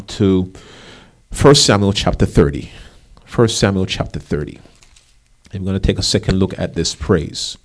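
Male pastor, lowish voice, lively sermon delivery with emphatic rises; for a preaching role. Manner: animated preaching with rising emphasis and asides.

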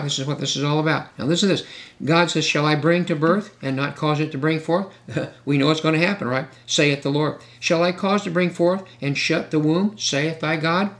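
A male preacher with a gravelly edge and a voice set a little above the usual male range. He reads scripture at a deliberate pace, then breaks off to put asides and quick questions to his listeners. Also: fairly high pitch, a bit bright. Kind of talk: sermon, Bible teaching.

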